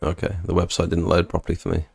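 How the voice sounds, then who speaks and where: Low gravelly bloke chatting on a livestream, laid back, dry close mic, faint music behind. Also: male voice, monotone, quick pace, darkish tone, no room sound. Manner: laid-back, low-energy, laughs at own story. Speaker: livestream host reading chat. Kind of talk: casual live chat.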